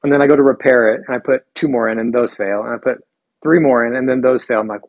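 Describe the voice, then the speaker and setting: A man casually sharing lessons from surgery cases in a relaxed, reflective way. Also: medium pitch, fast, no room sound, dull audio. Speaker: surgeon and podcast co-host. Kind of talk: casual podcast chat.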